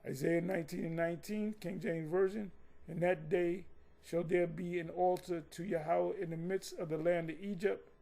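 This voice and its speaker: A man's voice: high voice, fairly even intonation, normal speed, gravelly, mellow. A man giving combative, mocking commentary on scripture, rambling with frequent restarts. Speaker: religious commentator.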